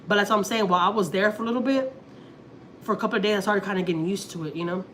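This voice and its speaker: A woman's voice: mid-range voice, very fast, fairly bright tone. A Houston woman in her thirties chats casually on a livestream, telling a rambling personal story. She acts out her own lines and her husband's as she goes, with a faint background hum. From Houston, Texas. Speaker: family vlogger on a livestream.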